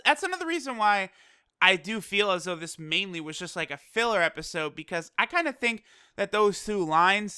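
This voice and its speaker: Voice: medium pitch, pushed and bright, smooth, no room sound, clean studio sound. A casual anime episode reviewer recapping the plot, chatty and loose, swearing and laughing easily. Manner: loose, full of fillers like "you know".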